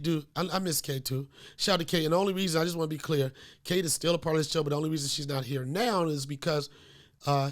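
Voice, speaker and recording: A male comedy podcast host with a slightly high voice, a little worn from a cold. He rambles loosely through stories, full of fillers and profanity. Casual and unscripted throughout. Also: fairly bright tone. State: getting over a cold.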